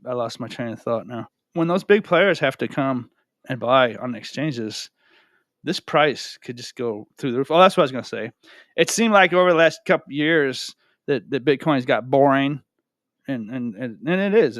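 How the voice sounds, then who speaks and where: A man talks casually to his viewers from a room at home, circling back and repeating himself. His voice sits at an everyday middle pitch, recorded dry and close with no room echo. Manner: rambling, repeats himself, lots of "right?" and "you know". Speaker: crypto video host. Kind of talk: casual talk to camera.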